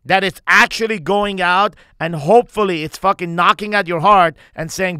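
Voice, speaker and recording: A man's voice: sits high, moderate pace, hardly any pauses, pushed and bright, smooth, no echo, studio quality. A man hosting a podcast as a coach, talking intensely and emphatically with heavy swearing. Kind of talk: candid podcast conversation.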